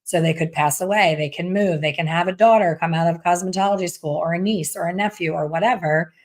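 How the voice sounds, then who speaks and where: A woman's voice: lowish voice, fairly quick. A middle-aged woman who owns a salon, giving candid, chatty advice to fellow hairstylists and acting out what people say. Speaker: salon owner and hair color educator. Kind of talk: casual coaching talk.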